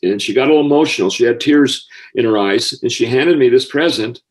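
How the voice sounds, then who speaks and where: Older American man, guest storyteller, sincere and emotional, mid-pitched voice. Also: a little fast, low-quality recording. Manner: heartfelt, gets emotional easily. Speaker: guest, former school counselor. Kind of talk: personal storytelling.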